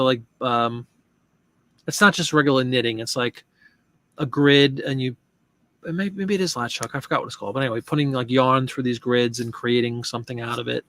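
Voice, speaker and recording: A man's voice: medium pitch, a bit bright, dry recording. A man hosting a live chat show, talking casually and rambling with restarts and asides.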